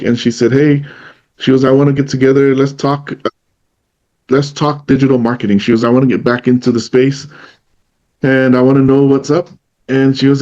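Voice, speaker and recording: Male co-host, chatty storyteller, mid pitch, lo-fi recording. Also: a little mellow. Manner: storytelling, retells what others said in their voice. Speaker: podcast co-host. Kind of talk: casual conversation.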